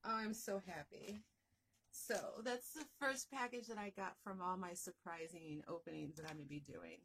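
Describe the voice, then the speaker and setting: A woman vlogging as she unboxes a crochet gift, gushing and excitable, often repeating herself. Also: on the low side, moderate pace, slight background noise. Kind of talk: unboxing vlog.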